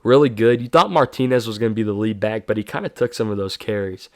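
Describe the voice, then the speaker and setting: A man's voice: lowish voice, fast talker, no echo, clean studio sound. A man hosting his own sports show, giving casual, self-correcting predictions and hyping players. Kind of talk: solo sports prediction talk.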